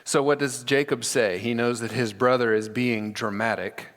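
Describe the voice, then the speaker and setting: Male pastor, animated sermon delivery acting out scenes, recorded in a church with long reverb. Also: medium pitch, moderate pace. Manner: animated, acts out scripture with dramatic voices. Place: church sanctuary.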